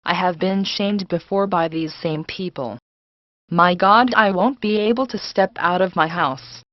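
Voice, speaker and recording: A woman voicing a proud, scornful elderly woman with a Southern accent who scolds loudly, in a dull, lo-fi recording. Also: lowish voice, unhurried, dry recording, natural voice. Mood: indignant. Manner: indignant, scolding.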